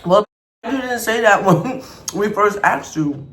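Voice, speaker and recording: A man vlogger telling a storytime over an eating show, animated and acting out the people in his story. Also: sits high, measured pace. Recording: echoey room, faint background noise.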